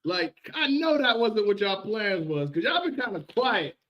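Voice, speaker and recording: A man ranting on a casual livestream, animated and repetitive, often laughing. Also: high-pitched, moderate pace, muffled recording.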